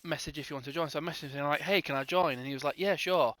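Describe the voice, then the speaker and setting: Young dude rambling through a storytime vid, brightish higher voice, does all the other players' lines himself. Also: male voice, fairly even intonation, racing, dry recording. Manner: rambling, acts out both sides of conversations in quotes. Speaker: gaming channel host. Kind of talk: casual storytime narration.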